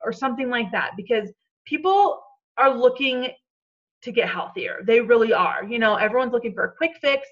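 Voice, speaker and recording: A woman's voice: on the high side, animated, moderate pace, fairly bright tone, dull audio. A woman coaching her team on a call in a chatty, encouraging way, checking in often with "okay?".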